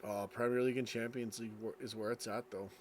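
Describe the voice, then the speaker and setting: A man's voice: mid-range voice, flat delivery, fast, a little hiss or hum. A tired man streaming late at night, reading chat and rambling casually, yawning as he talks. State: sleepy, yawning.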